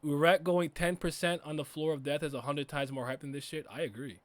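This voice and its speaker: A man giving a casual reaction commentary as a streamer, laughing and swearing with loud frustrated outbursts. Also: fairly high pitch, fairly even intonation, brisk. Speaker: streamer reacting to an anime episode.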